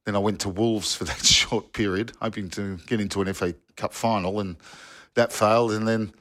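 A former footballer telling old yarns in a casual podcast chat, rambling with restarts and asides. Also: male voice, fairly low pitch, steady tone, normal speed, a bit bright. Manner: rambling storyteller with restarts and "you know". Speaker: football pundit, former player.

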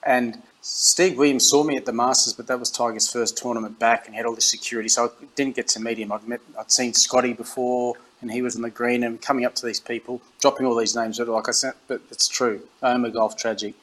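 Australian man telling lively anecdotes. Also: mid-range voice, fast talker, few pauses, rough recording. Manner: animated anecdotes, acts out quoted dialogue, frequent restarts. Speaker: interview guest, former rugby captain. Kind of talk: casual storytelling.

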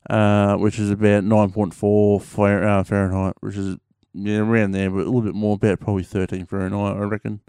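Speaking to camera in a loose, slangy ramble full of fillers, this Australian man keeps things laid-back. His fairly quick delivery sits on the low side, level and mellow, with hardly any pauses and a clear, resonant tone. Studio-quality sound, no room noise.

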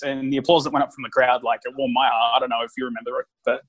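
A man hosting a podcast and telling stories in casual chat, animated, with quick asides. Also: medium pitch, slightly rough, poor audio. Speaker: podcast host and wrestling referee.

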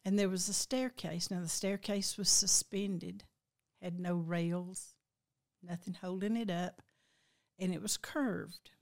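An older woman tells a personal dream in a slow, reflective way, her voice sometimes breaking with emotion. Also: on the low side, steady tone, gravelly, a little mellow. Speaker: guest recounting a dream.

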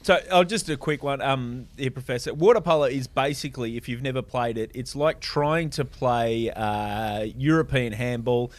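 Casual male panelist, loose and rambling, mid-pitched voice. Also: normal speed, few pauses, dry recording. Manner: rambling explainer with many fillers. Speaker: podcast panelist. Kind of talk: casual chat.

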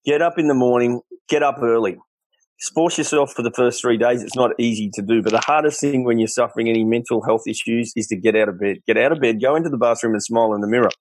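An Australian man in middle age talks openly as an interview guest. His pitch sits in an ordinary middle range, and he tells his stories with animated earnestness, slipping into the voices of the people he quotes. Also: quick pace, slight background noise, rough recording. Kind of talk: candid storytelling interview.

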